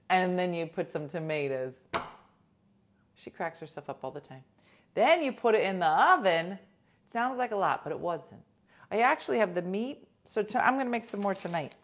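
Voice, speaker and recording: A woman with a low voice hosts a casual livestream, chatting with viewers. She tells a story in a gossipy way and sometimes drops to a hush for an aside. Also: vocal fry, a little hiss or hum. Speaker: livestream host. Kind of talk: casual chat reading viewer comments.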